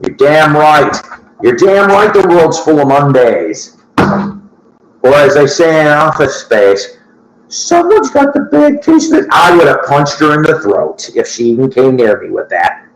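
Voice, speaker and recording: This man talks a little slowly, with a voice on the high side and lively intonation. Hosting a record-collecting show, he chats to viewers in a casual, rambling style, swearing and laughing at his asides, and the room has an echo to it.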